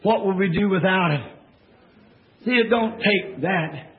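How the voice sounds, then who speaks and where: A man preaching a fervent revival sermon to a church congregation, in folksy plain-spoken speech that swings from hushed tones to shouting. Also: sits high, measured pace. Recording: echoey, dull old church tape.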